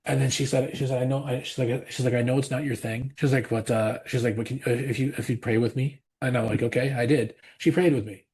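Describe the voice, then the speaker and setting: A man's voice: medium pitch, fairly even intonation, quick pace, hardly any pauses, a little mellow, slightly rough. A man, a pastor guest on a podcast, earnestly telling a personal story in a rambling way, often repeating himself.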